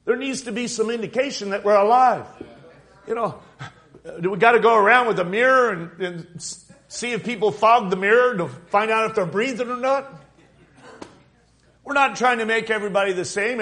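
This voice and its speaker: A man's voice: high voice, fairly bright tone. A man preaching a sermon in a fervent, emphatic way, stretching out words for weight. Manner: fervent, emphatic, drawn-out stresses.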